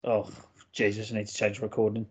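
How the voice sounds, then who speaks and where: A man's voice: lowish voice, completely flat delivery, brisk, breathy edge. A man with an English accent, co-hosting a podcast in casual, mock-indignant banter. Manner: loud, swearing, mock-indignant. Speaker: podcast co-host.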